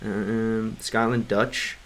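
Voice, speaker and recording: A man chatting casually on a livestream, rambling with many restarts and fillers and stopping now and then to sound out game text in halting learner's Russian. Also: fairly low pitch, flat delivery, a little hiss or hum. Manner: clumsy Russian read aloud in a learner's voice. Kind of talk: casual livestream chat reading comments.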